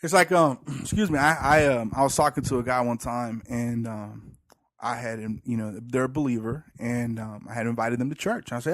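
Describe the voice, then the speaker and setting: With a medium-pitched voice at normal speed, this man co-hosts a podcast, talking about church in a casual, sarcastic way. He spins stories, performs the lines he quotes, and breathes heavily enough to be heard.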